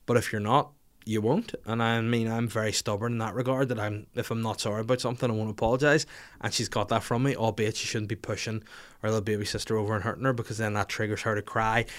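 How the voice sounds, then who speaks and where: A man's voice: lowish voice, little pitch movement, fast. A man, hosting a podcast in casual, rambling comic banter full of crude jokes. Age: 30s. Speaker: podcast host. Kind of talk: casual chat.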